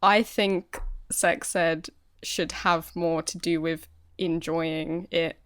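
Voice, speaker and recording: A woman's voice: low voice, fairly even intonation, slow pace, a bit bright, a little hiss or hum. A woman co-hosting a podcast in frank, casual chat, using lots of fillers. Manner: laughs easily, casual and frank, filler-heavy. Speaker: podcast co-host.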